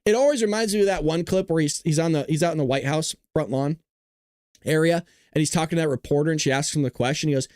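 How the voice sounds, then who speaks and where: A man from Southern California, speaking with that region's accent, hosts a livestream, joking and rambling into a close mic. His voice is slightly high and a little mellow, he talks fast, and there's no echo.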